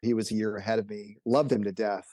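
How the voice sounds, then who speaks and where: A middle-aged man, an emergency doctor, telling stories in a relaxed, casual way. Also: lowish voice, fast, no room sound. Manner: laid-back anecdotal storyteller. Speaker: emergency physician guest. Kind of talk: casual storytelling.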